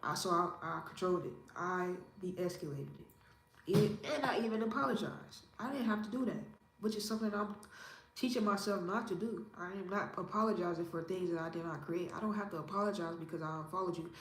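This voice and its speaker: A woman in her thirties from Indiana, giving her opinions in a casual interview in a calm, measured, self-assured way. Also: lowish voice. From Indiana, USA. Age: 30s. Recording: roomy echo with faint ambience.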